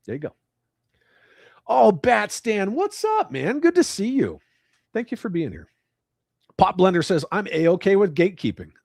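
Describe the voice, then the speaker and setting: Middle-aged male streamer, swearing rant, lively swinging pitch, dry close sound. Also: normal speed, creaky, pauses often, no echo. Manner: profane, ranting, reads chat aloud. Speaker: livestream host. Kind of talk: casual livestream chat.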